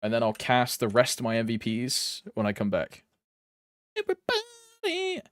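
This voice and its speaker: A man's voice: lowish voice, fairly even intonation, a little fast, no echo, studio quality. A man streaming live, chatting loosely in slangy talk, laughing often and trailing off mid-thought. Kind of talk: casual live stream commentary.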